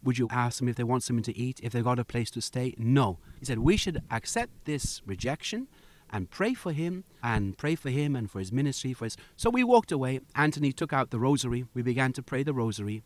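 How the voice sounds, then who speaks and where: A man's voice: mid-range voice, animated, fairly quick. A man from the United Kingdom telling a long story as an interview guest, acting out the voices he quotes. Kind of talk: storytelling in a conversation.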